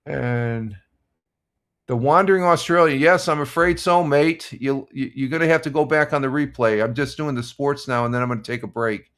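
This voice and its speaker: A man's voice: mid-range voice, normal speed, smooth. Older guy on a morning stream, easygoing, lots of ums and uhs, reading scores and chat. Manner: relaxed, rambling, many fillers and restarts. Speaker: live stream host. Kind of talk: casual morning chat reading sports scores and viewer comments.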